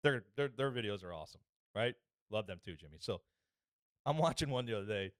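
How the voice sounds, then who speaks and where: A man's voice: fairly low pitch, fairly quick, no room sound, clean studio sound. A man co-hosting a podcast in a casual chat, telling stories and acting out other people's voices. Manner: animated storyteller, acts out other people's voices. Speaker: podcast co-host.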